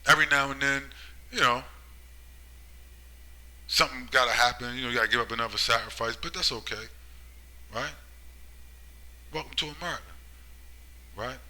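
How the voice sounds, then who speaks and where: A man delivers a rambling, preaching monologue in a bright, forceful voice. He keeps prodding his listeners with "right?" and "you see?", and his level swings from loud emphatic bursts to low muttering. He slows right down when he reads scripture. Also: low-quality recording. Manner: slow, drawn-out scripture reading. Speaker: religious commentator.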